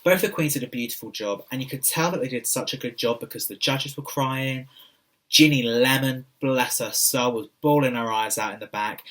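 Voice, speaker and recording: A man's voice: medium pitch, pushed and bright, far from the mic. A young British man in drag, recapping a TV show in a camp, cheeky, sassy casual vlog. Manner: camp, cheeky, sassy, addresses people directly. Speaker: drag queen reviewer.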